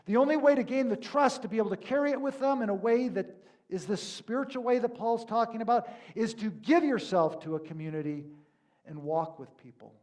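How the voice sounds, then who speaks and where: A man's voice: extremely high pitch, fairly quick, a little mellow. A male pastor giving a sermon in a conversational, storytelling manner with emphatic peaks.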